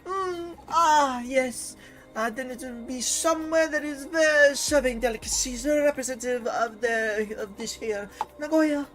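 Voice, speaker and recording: A man's voice: very high voice, a little slow, a bit bright, faint music behind, pitched above the performer's own voice. A man voicing a flamboyant, vain French diva woman artist with a put-on French accent and haughty, theatrical speech. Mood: imperious. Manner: haughty, theatrical, mangled grammar.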